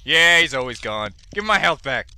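A man's voice: mid-range voice, a little fast, music in the background. A man giving let's play commentary, talking to himself and the characters on screen, and yelping and cursing when things go wrong. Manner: excitable, yelping and cursing at the game. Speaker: gaming video host.

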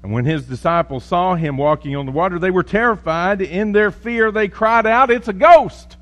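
A man's voice: sits high, normal speed, a bit bright, lo-fi sound. A man preaching a sermon as pastor, reading scripture and praying, with a folksy, joking storytelling manner.

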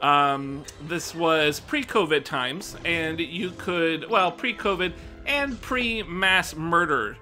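Talking slowly and a little winded, a young American man chats loosely with his stream, cursing casually. His somewhat high, very bright and forceful voice carries over faint background music.

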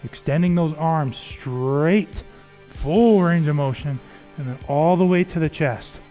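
A man's voice: on the high side, takes it slowly, mellow. Man, fitness coach, upbeat, encouraging, counting reps, faint music behind. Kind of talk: workout instruction. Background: faint background music.

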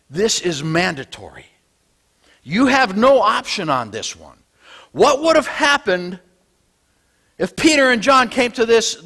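A male pastor preaching a Sunday sermon, swinging between loud declarations and low, quiet lines. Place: church sanctuary.

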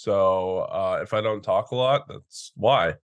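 A man's voice: sits low, slow pace. A man co-hosting a podcast, stuffed up with allergies, blunt and grumbling in casual chat. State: congested from allergies. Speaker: podcast co-host.

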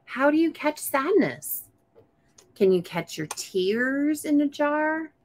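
A woman reads a picture book aloud to a small child at an unhurried pace, her voice sitting a touch higher than most. She keeps coaxing him with questions and breaks into gasps and delighted exclamations as the pages turn. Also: very animated. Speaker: storytime host.

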